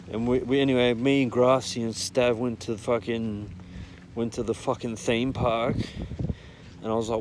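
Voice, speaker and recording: Young Australian man, casual storyteller, warm dark tone, crude and rambling. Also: medium pitch, steady tone, normal speed, slight background noise. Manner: blunt, sweary, rambling. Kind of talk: casual anecdote telling.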